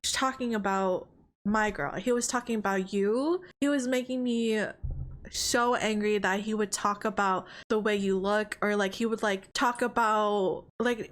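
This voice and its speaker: A woman's voice: on the high side, natural voice. A woman voicing a cocky young man who earnestly pleads his case to his girlfriend in a game.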